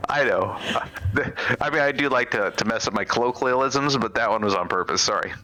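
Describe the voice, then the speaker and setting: A man's voice: mid-range voice, brisk, sharp tone, poor audio. A man co-hosting a live game stream, trading easygoing, self-deprecating banter. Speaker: stream co-host and commentator. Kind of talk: casual live-stream commentary.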